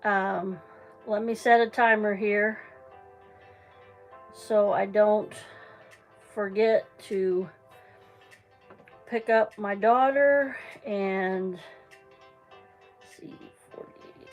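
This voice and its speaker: A middle-aged woman talks to her livestream viewers in an unhurried, rambling way, full of ums and false starts. She sounds a touch out of breath, and soft music plays faintly behind her in a small home. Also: mid-range voice, steady tone, dull audio. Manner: rambling, chatty, many ums and restarts. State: slightly out of breath. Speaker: livestream crafter. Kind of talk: casual livestream chat.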